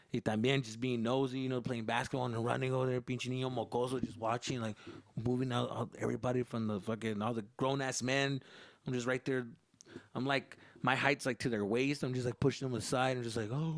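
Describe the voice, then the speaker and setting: A young man with a medium-pitched voice hosts a podcast, speaking a little fast with no room sound. He tells stories in casual, profane English sprinkled with Spanish slang, and he's animated as he acts out the voices of the people in them.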